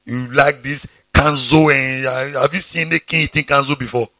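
A pastor preaching a sermon, breaking into sudden high exclamations. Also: male voice, steady tone, moderate pace, pushed and bright, no room sound.

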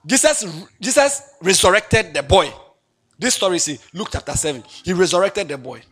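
A high-voiced man delivers a sermon with a husky edge. His pitch swoops widely as he tells the stories, and he half-sings the scripture in a lilting way. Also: normal speed. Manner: animated, lilting scripture reading with dramatic swings. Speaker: preacher.

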